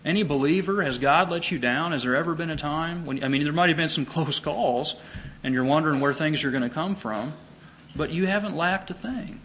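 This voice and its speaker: Male preacher, middle-aged, bright forceful tone, emphatic sermon delivery, faint hiss behind. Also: fairly quick, poor audio. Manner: earnest, emphatic, rises in pitch on key points.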